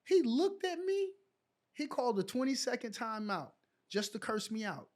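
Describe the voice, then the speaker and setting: A middle-aged man from New York, a podcast guest and former pro basketball player, telling colloquial stories with animated dialogue. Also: extremely high pitch, moderate pace. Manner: colloquial, animated storyteller who acts out dialogue. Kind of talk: casual storytelling interview.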